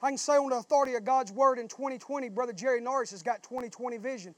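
A pastor delivering a fiery sermon in a strikingly high, dry voice, recorded close with no room echo. He builds his points into passionate, shouted refrains. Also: very fast. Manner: southern-style preaching, swells into shouting.

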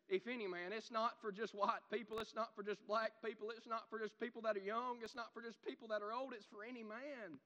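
A man preaching a sermon, animated, swinging from loud shouts to quiet asides. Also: high voice, fairly quick, hardly any pauses, big-room sound, highs cut off.

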